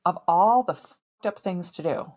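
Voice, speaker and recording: A middle-aged woman with a fairly low voice recounts a personal story on her podcast. She speaks candidly and emphatically, swearing now and then. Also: unhurried, darkish tone. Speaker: podcast host.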